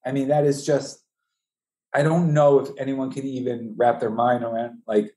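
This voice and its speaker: A man telling the story of losing his newborn twins, speaking haltingly with many restarts, his voice climbing high and strained with grief. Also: little pitch movement, warm tone, reverberant. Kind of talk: emotional personal testimony.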